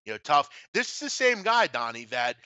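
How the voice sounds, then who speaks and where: A man's voice: fairly high pitch, big pitch swings, moderate pace, pushed and bright, smooth, no echo. A man co-hosting a sports betting talk show, ranting bluntly and swearing freely as he tells stories. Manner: blunt and profane, ranting storyteller. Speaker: podcast co-host.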